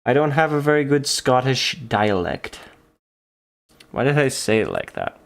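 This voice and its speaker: Giggly man with a lively voice. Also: medium pitch, measured pace, vocal fry. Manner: giggly, playful self-talk. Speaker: online artist. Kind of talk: casual talk while drawing.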